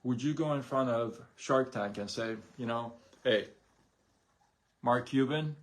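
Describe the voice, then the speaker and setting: A man talks to his live-stream audience in a loose, motivational way. He keeps asking rhetorical questions and acts out little quoted exchanges. His voice sits in an ordinary middle pitch. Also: unhurried. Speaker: host of a daily live stream on side gigs. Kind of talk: casual motivational talk.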